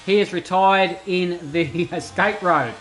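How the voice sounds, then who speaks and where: A man calls an online racing league in casual play-by-play, his voice pitched high. He breaks into excited bursts when drivers battle. A faint hiss sits under the recording. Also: slow, poor audio. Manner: chatty, excitable bursts over steady play-by-play. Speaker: race commentator. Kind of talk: esports sim racing commentary.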